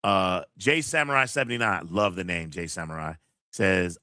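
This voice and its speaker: A man's voice: on the low side, expressive, normal speed, bright, forceful tone, no room sound, clean studio sound. A man hosting a casual livestream, rambling in slangy talk and repeating his phrases. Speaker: host of a kung fu movie livestream.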